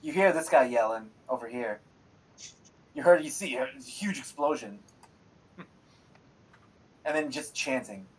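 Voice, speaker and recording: Husky-voiced male game master. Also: medium pitch, lively intonation, a little slow, long pauses, low-quality recording. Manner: casual, laughs often, swears freely. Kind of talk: narrating a tabletop game. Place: streamed online game session.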